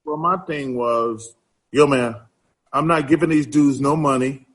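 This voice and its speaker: A man's voice: medium pitch, measured pace, breathy edge. A middle-aged man, telling a story as a podcast guest and acting out the quotes. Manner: animated storyteller, acts out quotes. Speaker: interview guest. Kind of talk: casual storytelling.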